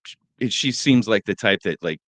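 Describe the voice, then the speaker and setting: A middle-aged man co-hosting a morning show, telling rambling, joking stories in a relaxed chat. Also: lowish voice, moderate pace, no room sound. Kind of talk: casual chat.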